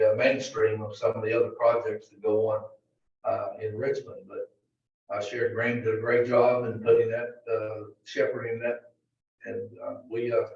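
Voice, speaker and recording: A man's voice: mid-range voice, darkish tone, muffled recording. Man, echoey distant meeting audio. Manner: halting, many fillers and restarts. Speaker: county administrator presenting a budget. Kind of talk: formal budget presentation to a board. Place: county board meeting room.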